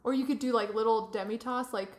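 A woman's voice: a little high, fairly even intonation, fast talker. A young adult woman co-hosting a podcast in casual chat, telling stories and laughing easily. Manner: chatty, storytelling, laughs easily. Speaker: podcast co-host. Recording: echoey room.

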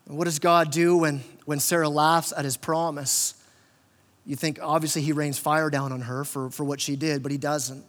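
A man's voice: on the high side, little pitch movement, normal speed, a bit bright, big-room sound. A man preaching a conversational sermon as pastor, often repeating words and acting out quotes. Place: church hall.

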